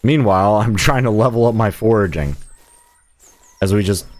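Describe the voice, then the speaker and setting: A man's voice: on the low side, normal speed, dry recording. A man streaming a video game live, rambling and joking as he talks to himself and his viewers. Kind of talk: casual live gameplay commentary.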